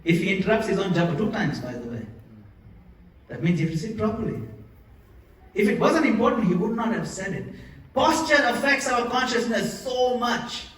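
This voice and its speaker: A man's voice: sits high, animated, normal speed, fairly bright tone, recorded from a distance. A man giving a sermon in a temple hall, asking the audience questions and demonstrating how to chant. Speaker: temple lecturer. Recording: echoey hall, recorded from afar.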